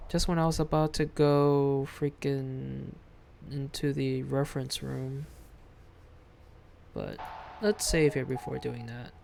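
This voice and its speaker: A game streamer doing live gameplay commentary, reading the on-screen text aloud and thinking out loud. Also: mid-range voice, fairly even intonation, takes it slowly, vocal fry, a little hiss or hum.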